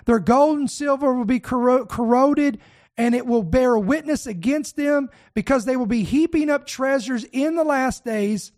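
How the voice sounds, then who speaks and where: A high-pitched preacher in full sermon mode. The voice reads scripture aloud and breaks off to urge the congregation directly, fervent and pressing. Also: moderate pace, darkish tone. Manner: fervent, exhorting, addresses listeners directly.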